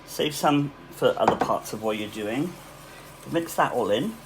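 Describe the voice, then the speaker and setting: Heavy background noise surrounds a mid-range male voice that is animated yet a little slow. The Welsh-accented speaker, who cooks at a cafe, gives a casual home-kitchen demonstration of a recipe, talking chattily with asides and fillers.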